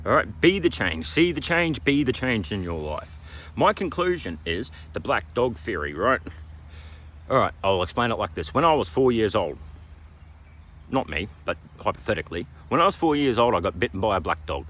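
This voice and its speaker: A man's voice: on the low side, sing-song, normal speed, a bit bright, a little hiss or hum. A man with an Australian accent giving an emphatic, preachy self-help talk, repeating slogans and checking in with "all right?". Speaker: motivational vlogger. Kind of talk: motivational self-help monologue.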